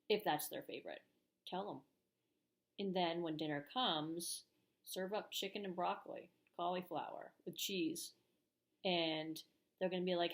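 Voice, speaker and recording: A woman's voice: mid-range voice, expressive, a little slow, echoey room. Chatty middle-aged woman giving parenting advice. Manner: chatty, uses many fillers, acts out parent and kid lines. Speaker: parenting channel host. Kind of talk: casual advice talk to camera.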